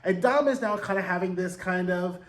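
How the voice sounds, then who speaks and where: A man with a high voice recaps a TV episode in loose, sassy commentary. He jumps into quick impressions of the characters and swears freely. The sound is echoey, as if recorded in a bare room. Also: a bit bright. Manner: peppered with profanity and rhetorical "right?". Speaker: TV recap host.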